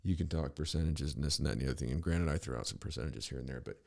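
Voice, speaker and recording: A man's voice: very deep voice, rapid-fire, gravelly, darkish tone. A middle-aged man hosting a podcast, ranting in a rambling, profane, sarcastic monologue full of restarts. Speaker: podcast host.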